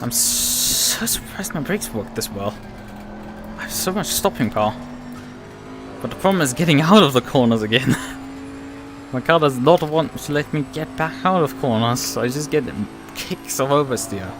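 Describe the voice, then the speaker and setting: Streamer: man, mid-pitched voice, live race commentary from a home rig, curses, with clear music behind. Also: lively intonation, moderate pace. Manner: frustrated, swears often, talks to himself while driving. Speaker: sim racing streamer.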